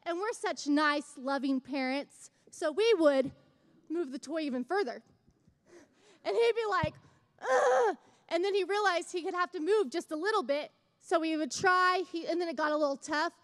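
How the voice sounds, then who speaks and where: A young woman with a very high voice gives a church message. She talks in a chatty, self-mocking way, then rises into fervent exhortation. It sounds like a live church service. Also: normal speed, long reverb tail. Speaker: church speaker. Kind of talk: sermon with personal story.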